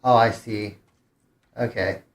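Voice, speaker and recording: A man's voice: lowish voice, fairly even intonation, slow pace, roomy sound. A man streamer giving casual gameplay commentary, thinking aloud with hesitant restarts. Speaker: game streamer.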